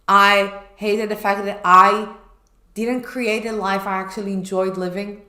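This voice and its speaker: A woman's voice: medium pitch, level tone, unhurried, pushed and bright. A woman co-hosting a chat show, telling a personal story candidly and acting out her past self. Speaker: podcast co-host. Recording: echoey room.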